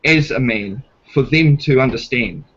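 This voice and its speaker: A man's voice: medium pitch, a little slow, fairly bright tone, husky, dull audio. A man with a New Zealand accent talking in a casual debate, blunt and swearing, retelling a police stop and playing both sides of it. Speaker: guest.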